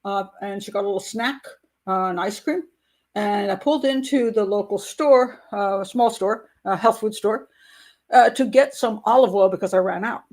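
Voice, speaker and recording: An older woman, a grandmother, hosts a casual livestream. She tells a story with indignation and dry humor, and her voice sits at an everyday middle pitch. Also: normal speed, a little mellow. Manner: indignant storytelling, wry laughs. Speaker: host.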